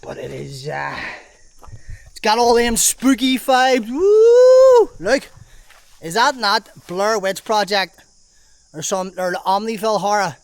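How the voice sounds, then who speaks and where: A man's voice: sits high, unhurried, gravelly, long pauses, fairly bright tone. A man giving casual, chatty travel-vlog commentary while walking outdoors through an abandoned water park. He swears freely and thinks aloud, breaking into exclamations. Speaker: travel vlogger.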